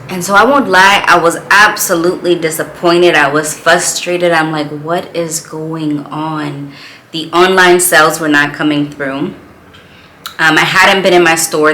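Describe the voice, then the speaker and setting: A woman speaks in a low voice with a bright, forceful edge, telling her own story as a small business owner in an earnest, reflective way. She sounds like she is in a large, empty room with a strong echo around her. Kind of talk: personal storytelling vlog.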